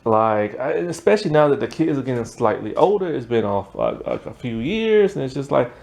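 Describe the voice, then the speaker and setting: A man's voice: mid-range voice, huge pitch swings, brisk, creaky, a little mellow. A man giving a casual, rambling recap of a TV episode, peppered with "like" and laughing at the plot. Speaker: TV show reviewer.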